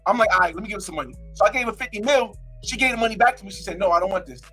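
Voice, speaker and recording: Brash fast-talking young man from New Jersey. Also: high-pitched, bright, forceful tone, breathy edge, faint music behind. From North New Jersey. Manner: brash, repetitive, acts out his own quotes. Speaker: live streamer telling a story. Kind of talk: casual storytime.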